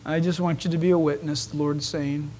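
A man preaching a sermon in an animated storytelling manner, acting out the voices in his stories. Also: a little high, a little fast, slight background noise. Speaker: pastor.

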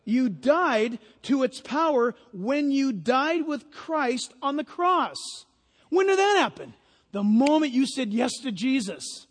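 A man preaching a sermon, animated and emphatic, building to loud peaks as he drives his points home. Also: very high voice, slow. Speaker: pastor. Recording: long hall reverb.

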